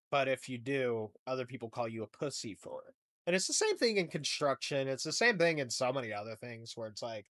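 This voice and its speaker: A man's voice: a little high, fairly bright tone. Rambling, profane young man riffing. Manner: rambling, profane, jokey rants with mock voices. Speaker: comedy podcast host. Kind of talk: casual comedic monologue.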